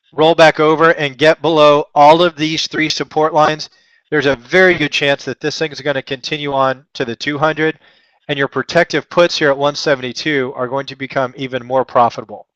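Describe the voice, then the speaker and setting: A man from Texas runs a live trading lesson, talking through his ideas in a loose, chatty way. His voice sits a bit high for a man and is full of jokes at his own expense. The sound is dry and close. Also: fairly bright tone, no echo, dull audio. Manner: chatty, joking and self-deprecating, rambling asides. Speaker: trading webinar host.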